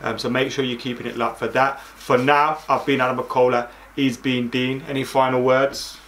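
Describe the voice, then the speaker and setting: A man's voice: medium pitch, level tone, moderate pace, a bit bright, a little hiss or hum. Laid-back man in football banter. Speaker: podcast co-host. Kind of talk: casual football chat.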